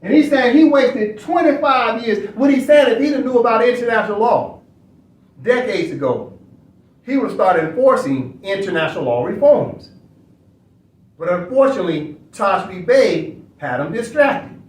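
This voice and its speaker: A man's voice: sits high, lively intonation, moderate pace. A man hosting an online study session, lecturing casually and preachily with a stream of rhetorical questions. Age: adult. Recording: echoey room, far from mic.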